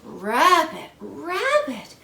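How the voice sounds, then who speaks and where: A woman's voice: high voice, huge pitch swings, extremely slow, creaky, sharp tone, echoey room, a little hiss or hum, voice pushed up, exaggerated voice. A woman reading aloud and voicing a kindly male groundhog who fusses over his neighbors' ailments and gives earnest advice. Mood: concerned, advising. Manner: earnest, fussing, helpful.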